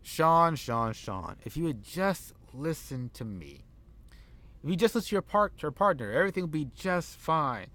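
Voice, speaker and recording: A man's voice: fairly high pitch, big pitch swings, moderate pace, a bit bright. A man playing a smug, money-hungry wrestling manager. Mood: coaxing. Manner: coaxing and smug. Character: smooth, greedy male wrestling manager.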